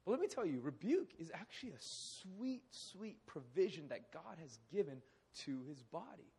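A man in his thirties preaching a sermon in a hall, animated, often acting out quoted voices. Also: a little high, moderate pace, vocal fry, slight background noise. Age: 30s. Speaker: pastor. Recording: echoey hall.

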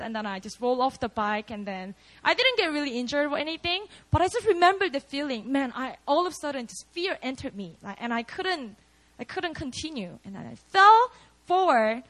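On a low-quality recording, a young woman with a high, bright voice and a forceful tone preaches at a prayer meeting. Her sermon is casual and story-driven, chatty and peppered with "like" and "you know."

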